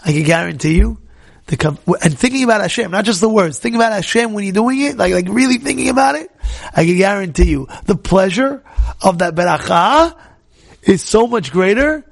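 Animated high-voiced man teaching Torah. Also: a little fast, gravelly. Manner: animated, repetitive, questions the audience directly. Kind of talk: informal Torah class talk to a live group.

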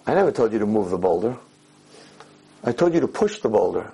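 A man voicing God as calm and encouraging in a spoken parable. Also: lowish voice, brisk, gravelly, husky, heavily acted, rough recording. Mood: reassuring. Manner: calm, reassuring.

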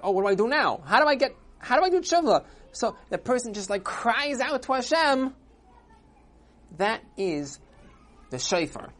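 A woman telling a religious parable and then explaining its lesson, in a halting, repetitive way with rising enthusiasm. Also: low voice.

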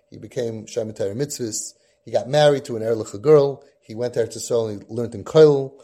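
A man's voice: mid-range voice, dark tone, breathy edge. A man hosting a parenting podcast, telling a long personal story with Yiddish and Hebrew terms. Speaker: podcast host and parenting guide. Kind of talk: storytelling talk.

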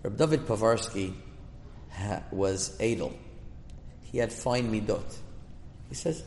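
A man with a low, gravelly voice teaches a Torah class. He tells a story in an earnest, emphatic way. His voice rings in a roomy space with a long reverb and faint noise. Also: expressive, unhurried, pauses often, a little mellow. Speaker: rabbi giving a Torah class. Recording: echoey room with long reverb.

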